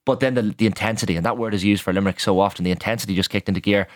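Man, Irish accent, young adult, sports guest on radio, rapid, lowish voice, repeats words. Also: fairly even intonation, no room sound, clean studio sound. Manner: quick, chatty, repeats words as he goes. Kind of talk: casual radio sports chat.

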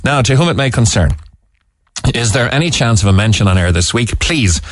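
A man's voice: mid-range voice, expressive, a little fast, no room sound. A man with a Cork accent presenting talk radio in a studio, earnest, with many "uh" fillers as he reads out listener texts. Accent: Irish, Cork. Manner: earnest, with frequent "uh" fillers and restarts. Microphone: studio microphone.

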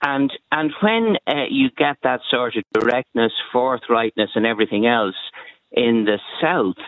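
A man calling into a radio show, giving his view in a deliberate, hesitant way. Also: medium pitch, no room sound. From Dublin, Ireland. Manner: deliberate, hesitant, with many restarts. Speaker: caller. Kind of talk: radio call-in opinion. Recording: tinny phone line.

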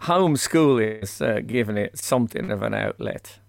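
Radio host, man, gravelly voice, lively dry humour, broadcasting from home. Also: on the low side, normal speed, no echo. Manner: dry, self-mocking humour. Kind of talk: casual banter.

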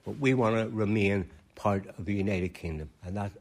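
A man gives blunt, insistent answers to a reporter. His voice is on the low side. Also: normal speed, a little mellow. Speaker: interviewee. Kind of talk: street interview.

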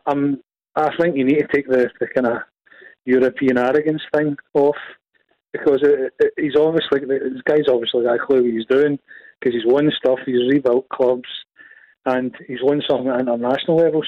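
Scottish caller on a dull phone line. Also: male voice, medium pitch, fairly even intonation, normal speed. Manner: hesitant, many restarts, thoughtful. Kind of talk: casual phone call.

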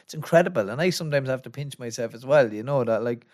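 A man's voice: mid-range voice, darkish tone. A man, a guest on a podcast, talking in casual chat and filling his speech with "you know". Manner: fast, full of fillers like "you know".

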